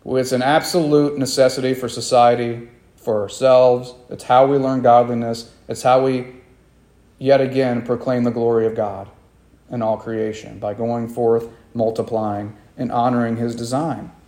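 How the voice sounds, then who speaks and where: A man's voice: medium pitch, little pitch movement, moderate pace, darkish tone, echoey room. A man preaching a sermon as pastor, earnest and emphatic, driving points home by repeating them.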